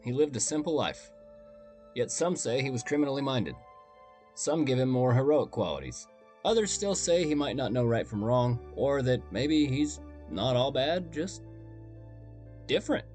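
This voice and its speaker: A man's voice: medium pitch, very animated, moderate pace, darkish tone, faint music behind. A man hosting a storytelling podcast, talking in a conversational, wry and self-deprecating way. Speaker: podcast host and narrator.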